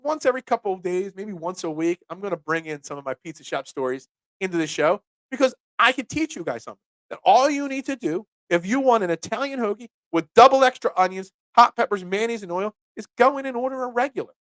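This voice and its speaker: A man who hosts a casual sports talk show and rambles through animated stories. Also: sits high, fast talker, dry recording. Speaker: sports podcast host and pizza shop owner.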